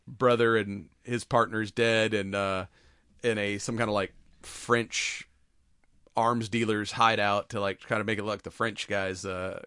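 Animated man retelling a movie. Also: on the low side, no echo, studio quality. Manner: animated, laughs often while telling. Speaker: podcast co-host. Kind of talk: casual chat, retelling a movie.

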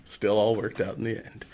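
A man's voice: fairly low pitch, a little mellow, a little hiss or hum. A middle-aged man chatting casually about a movie, retelling scenes in voices and laughing often. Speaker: movie podcast co-host. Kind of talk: casual chat.

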